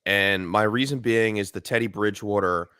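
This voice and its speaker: Male co-host, lowish voice, upbeat, reads listener questions, dry close mic. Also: normal speed, pushed and bright, smooth, dry recording. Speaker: podcast co-host. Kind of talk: live fantasy football advice show.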